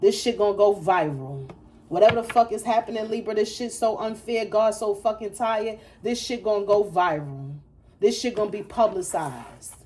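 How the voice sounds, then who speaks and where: Woman, tarot reader, mid pitch, casual, profane, emphatic and repetitive, chuckles often. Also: moderate pace, a little mellow, slight background noise. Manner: laughs between lines. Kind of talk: casual tarot reading to camera.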